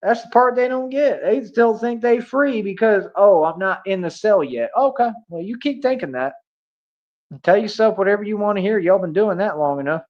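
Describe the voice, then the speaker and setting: A man's voice: high voice, lively intonation, normal speed, muffled recording. A man hosting a livestream, talking casually and boasting while he challenges his chat. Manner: boastful, confrontational, talks to chat. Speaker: livestream host.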